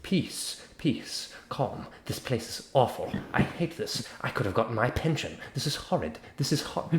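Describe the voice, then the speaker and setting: A man's voice: medium pitch, sing-song, moderate pace, echoey room, a little hiss or hum. A man voicing a fussy old male elf officer who frets aloud in repeated complaints during tabletop role-play. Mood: fretful.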